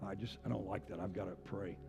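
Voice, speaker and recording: A man in his sixties, a pastor, preaching with passionate rising declarations and quieter storytelling. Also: deep voice, fairly even intonation, fast talker, vocal fry. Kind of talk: sermon. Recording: long hall reverb with faint music.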